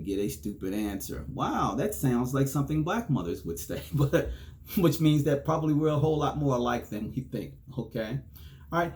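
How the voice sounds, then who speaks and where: A man's voice: medium pitch, a little mellow. A man hosting a solo podcast, chatting casually, chuckling between points and often checking in with "okay?". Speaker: podcast host.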